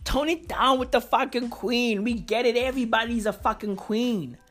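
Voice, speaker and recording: A woman's voice: fairly high pitch, moderate pace, a bit bright, soft background music. A woman on a comic rant, slangy and profane, repeating lines for effect. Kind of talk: comedic rant.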